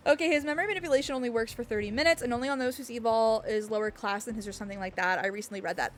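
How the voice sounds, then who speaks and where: A woman streaming, chatting excitedly and rambling, with frequent laughs and apologies. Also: fairly high pitch, very fast, few pauses. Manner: gestures and hits the desk when excited. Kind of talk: excited livestream chat reacting to a game. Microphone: desk mic picking up thumps.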